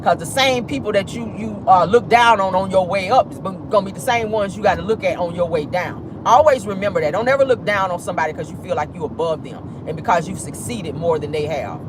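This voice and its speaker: A woman's voice: lowish voice, a little fast, hardly any pauses, noisy background. A woman with an African American Vernacular English accent hosting a casual livestream, talking bluntly and sassily and laughing often. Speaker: vlog host.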